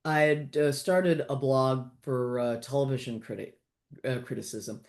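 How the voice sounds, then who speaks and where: Low-voiced older woman, animated storyteller. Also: unhurried. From Los Angeles. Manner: animated, laughs often, trails off with fillers. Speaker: author guest. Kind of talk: casual interview chat.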